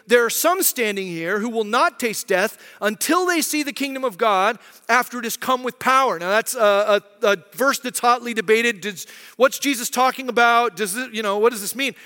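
A man's voice: very high voice, moderate pace, pushed and bright. A man in his thirties preaching a sermon as pastor, conversational and often asking "right?". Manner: acts out quoted voices. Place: church hall. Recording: long hall reverb.

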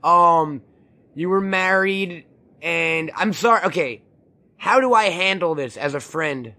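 A man's voice: fairly high pitch, a little slow, pushed and bright. A man co-hosting a podcast, joking around in a crude, rambling way with lots of restarts. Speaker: podcast co-host. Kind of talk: casual podcast chat.

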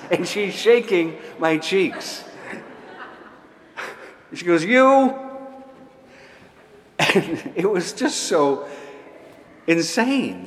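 Slow-talking priest in an echoey church. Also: male voice, fairly high pitch, fairly bright tone, a little hiss or hum. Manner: conversational, halting with repeated restarts. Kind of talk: storytelling sermon.

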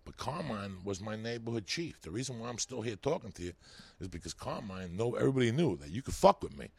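A man's voice: fairly low pitch, fast talker, creaky, husky, no room sound. A man telling rambling, profane stories as a comedian guest on a podcast. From New York. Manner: animated, swearing, rambling.

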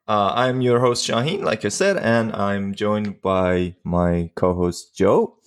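A man hosting a podcast in a relaxed, teasing way, introducing his co-host and guests. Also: on the low side, takes it slowly, clear, resonant tone. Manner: laid-back, teasing. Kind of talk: casual podcast chat.

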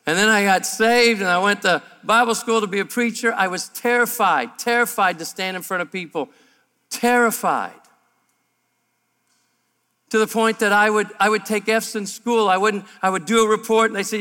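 A man preaching a sermon to a room of men, emphatic and humorous, and his voice climbs higher and louder as he builds. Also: moderate pace. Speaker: pastor. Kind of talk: sermon at a men's breakfast. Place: large room before an audience. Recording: live hall with long reverb.

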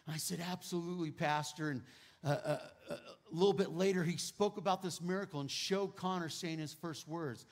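A middle-aged male pastor preaching a testimony, moving between hushed quoted prayers and loud exclamations. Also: on the high side, fairly quick. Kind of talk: sermon testimony.

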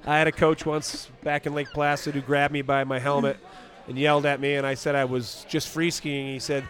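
A man's voice: a little high, flat delivery, brisk, fairly bright tone. A man who coaches skiing, talking practically and encouragingly in an outdoor interview. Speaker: ski coach and exam selector.

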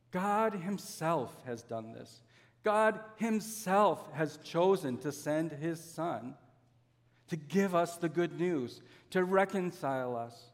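Pastor preaching in a reverberant hall. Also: male voice, on the high side, lively intonation. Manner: earnest, with slow drawn-out emphasis and homely examples. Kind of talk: sermon.

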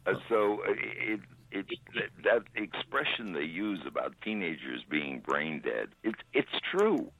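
An older man with a very deep voice speaks slowly, making dry remarks. He sounds thin and tinny, as if over a phone line, with a dry close sound. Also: big pitch swings, fairly bright tone. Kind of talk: casual chat.

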